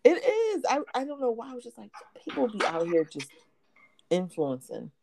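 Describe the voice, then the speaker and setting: A woman in her thirties co-hosting a podcast in casual chat, animated and laughing often, slipping into playful quoted asides. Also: on the high side, normal speed, gravelly, a crowd in the background. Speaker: podcast co-host.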